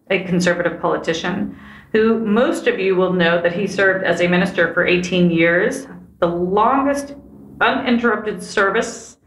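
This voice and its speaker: A woman's voice: on the low side, a bit bright, slight background noise. A woman hosting a podcast, interviewing a guest in a friendly, conversational way. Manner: friendly, conversational, brief acknowledgements. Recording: roomy sound with faint music.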